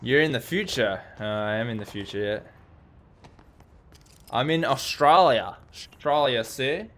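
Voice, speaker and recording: A man streaming a game live, chatting freely with his viewers. He talks in a relaxed, easygoing way and laughs often. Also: medium pitch, a little slow. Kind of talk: casual live-stream chat.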